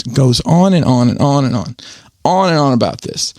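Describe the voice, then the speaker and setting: A male podcast co-host tells a story in casual conversation, acting out both sides of an exchange in quoted voices. His medium-pitched voice is expressive and a bit dark, at a moderate pace, recorded clean in a studio with no room sound.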